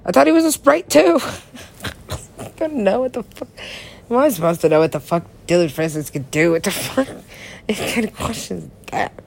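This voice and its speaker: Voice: mid-range voice, animated, moderate pace, creaky. A person rambling through a solo monologue, swearing often, laughing and talking to themselves. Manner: meandering, profane, laughs often, talks to self.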